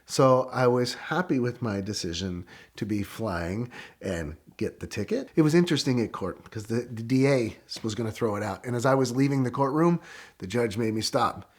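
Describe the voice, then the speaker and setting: Excitable middle-aged man telling a story. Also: medium pitch. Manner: animated, excitable retelling with quick bursts. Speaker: guest storyteller. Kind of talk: casual anecdote telling.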